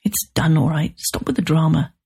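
A hoarse, surly male novelist who smokes too much, flat and curt in his replies, as a woman narrator puts him on. The voice sits low and husky, and it stays dry and dismissive. This is audiobook storytelling. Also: normal speed, heavily acted. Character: hostile, weary male novelist, a heavy smoker.

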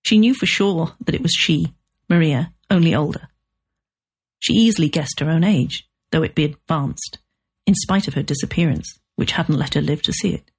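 A woman with a low, husky voice reads a literary novel aloud. Her storytelling is measured and steady, with a slightly breathy texture. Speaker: narrator. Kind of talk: scripted audiobook narration.

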